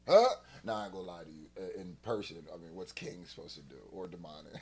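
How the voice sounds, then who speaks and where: A man hosting a reaction video in casual commentary, joking loudly one moment and muttering low the next. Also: quick pace, breathy edge. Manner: animated, jumps from loud joking to low mutters.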